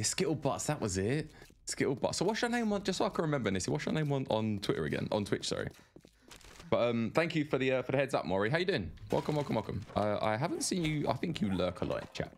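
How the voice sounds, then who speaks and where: A man's voice: medium pitch, very animated, fast, a little hiss or hum. A man giving live gameplay commentary, rambling and chatty as he greets viewers by name. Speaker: game streamer.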